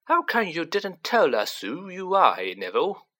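A man voicing an excitable young male bus conductor in a storybook reading, loud, gleeful and eager. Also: high voice, normal speed, voice pushed up, full character voice. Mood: excited.

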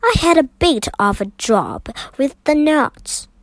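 Paddington is a well-mannered young bear who speaks slowly, politely and a little apologetically, as a woman reading a storybook puts him on. His voice sits fairly high and sounds close and dry. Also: expressive, no room sound, exaggerated voice. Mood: earnest. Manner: apologetic, earnest.

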